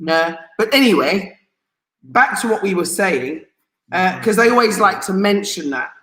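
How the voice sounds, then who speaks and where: A woman's voice: medium pitch, fairly bright tone, roomy sound, low-quality recording. A woman from England, hosting an opinion commentary, reading news aloud in a passionate, sarcastic and emphatic way, hammering key words again and again. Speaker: host.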